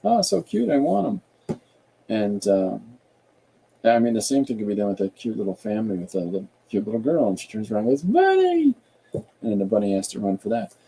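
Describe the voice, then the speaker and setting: Guy with a dark mellow voice rambling thru his drawing ideas on a chill art stream. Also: fairly low pitch, fast talker, husky, low-quality recording. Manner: thinking aloud, rambling and relaxed; reads viewer comments aloud. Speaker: artist and podcast host. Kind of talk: casual livestream chat while drawing.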